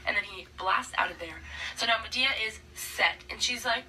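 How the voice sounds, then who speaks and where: A woman's voice: medium pitch, normal speed, gravelly, pushed and bright. A young woman retelling a classic play in a sarcastic, slangy, chatty way, recorded on a distant mic with faint hiss. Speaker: student summarizing a play. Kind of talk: comedic casual retelling.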